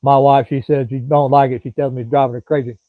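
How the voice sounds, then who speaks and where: A man's voice: mid-range voice, flat delivery, quick pace, no echo. Folksy Southern man chatting on a tinny line. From Florida. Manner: rambling, folksy, drawling, chats to commenters by name. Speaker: livestream host. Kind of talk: casual live-stream chat with viewers. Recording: dry, thin phone-like sound.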